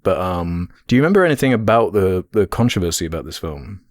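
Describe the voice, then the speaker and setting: A man co-hosting a podcast, speaking in a fairly low voice. He talks in an easygoing, hesitant way, softening his points with ums and qualifiers. The recording is close and dry. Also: big pitch swings, fast, dry recording. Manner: laid-back, hesitant with ums and hedges. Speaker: podcast co-host. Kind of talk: casual chat.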